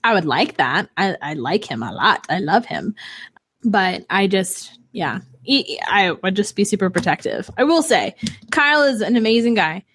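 Young mom chatting on a podcast, lively storytelling, mid pitch. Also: female voice, normal speed, husky. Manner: chatty, animated storyteller with laughs. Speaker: podcast co-host, single mom. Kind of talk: casual chat.

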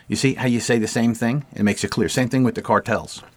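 A man's voice: medium pitch, fairly even intonation, brisk, hardly any pauses, no room sound. A man hosting an opinionated political commentary show, speaking emphatically and repeating words to drive points home. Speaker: podcast host.

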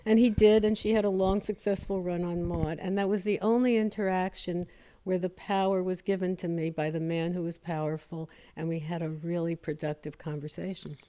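A woman's voice: lowish voice, steady tone, brisk, mellow. Woman guest, comedy writer, wry anecdotal storyteller. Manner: wry, self-deprecating storyteller. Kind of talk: casual interview chat, storytelling.

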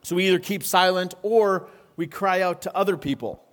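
Pastor, male, fairly high-pitched voice, casual sermon delivery with frequent questions to the audience. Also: normal speed. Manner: conversational, asks the congregation frequent questions.

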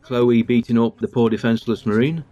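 A man's voice: mid-range voice, steady tone, a little fast, dull audio. A man hosting a podcast, giving casual commentary and reading out episode trivia while watching along. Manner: chatty, chuckling, reads out episode trivia. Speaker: podcast host.

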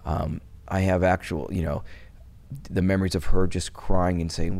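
A man's voice: low voice, little pitch movement, normal speed, creaky. A middle-aged man from Wisconsin, a guest talking casually and rambling with many restarts. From Wisconsin, USA. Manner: rambling, many restarts, turns soft when recalling loss. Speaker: interview guest. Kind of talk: casual interview conversation.

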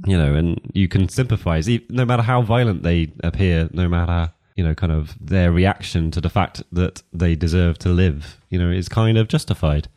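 Deep-voiced thoughtful man. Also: normal speed, few pauses, mellow. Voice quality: thoughtful, hesitant restarts. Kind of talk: casual review chat.

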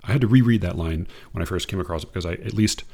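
Low-voiced man commenting on poetry. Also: dark tone. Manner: measured, hesitant, restarts often. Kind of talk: reading quotes and commentary.

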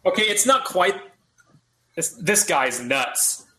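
A man's voice: sits high, expressive, slow pace, pushed and bright, low-quality recording. A man co-hosting a casual movie riff, trading playful jokes with his co-host. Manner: playful, joking banter.

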